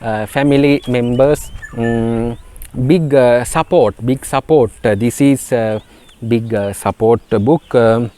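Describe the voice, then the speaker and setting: A Sri Lankan man whose first language is Sinhala, teaching a beginner spoken English lesson in a halting way, with many fillers and repeated words. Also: mid-range voice, mellow, smooth.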